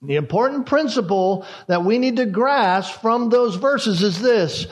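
A man preaching an expository sermon as pastor. He talks in a deliberate way and repeats key phrases for emphasis. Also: high-pitched, animated.

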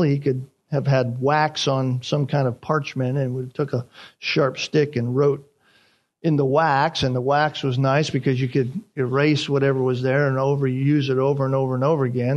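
A man preaching an expository sermon, animated, acting out the crowd's reactions as he retells the story. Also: mid-range voice, normal speed, dull audio.

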